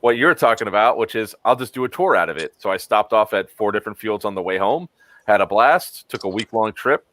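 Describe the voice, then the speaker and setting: Male stream host, lowish voice, rambling and casual, dry sound. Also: lively intonation, brisk, fairly bright tone, no echo. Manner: rambling, with frequent ums. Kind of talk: casual chat.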